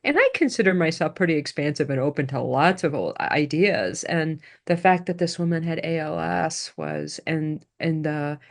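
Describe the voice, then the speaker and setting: A woman's voice: sits low, moderate pace, creaky, few pauses. A woman hosting a podcast conversation, speaking reflectively and often trailing off mid-sentence. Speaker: podcast host. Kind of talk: casual chat.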